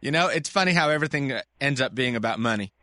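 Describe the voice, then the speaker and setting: A man hosting a call-in sports medicine radio show, chatty and animated, explaining things to callers. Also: medium pitch, fast talker, dry recording. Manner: animated, chatty, laughs easily.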